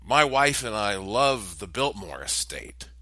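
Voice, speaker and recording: A beaming middle-aged man full of eager questions, as a storyteller puts him on, his voice lifted above the teller's usual low tone. The sound is dry and close. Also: big pitch swings, a little slow, pushed and bright, dry recording, heavily acted. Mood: friendly.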